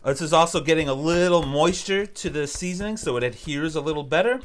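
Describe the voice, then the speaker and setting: A man's voice: a little high, fairly quick, slight background noise. Easygoing man demonstrating barbecue cooking. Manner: easygoing, instructive, encouraging. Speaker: cooking show host.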